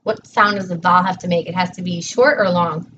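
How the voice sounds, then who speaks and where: A woman's voice: lowish voice, fairly even intonation, a little fast, fairly bright tone. A woman teacher tutoring a child one-on-one in a patient, encouraging way, praising each answer. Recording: distant dull mic with faint noise.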